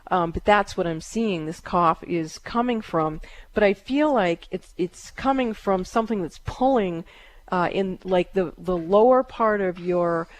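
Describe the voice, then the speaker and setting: A woman hosting a call-in psychic radio show, giving calm, halting readings with many fillers. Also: fairly low pitch.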